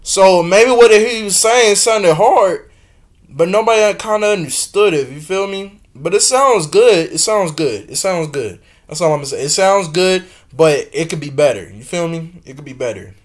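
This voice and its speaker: A young man casually reacting to a music video, talking in slang, swinging between loud exclaims and low mutters, laughing often. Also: expressive, moderate pace. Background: faint music from the video being watched.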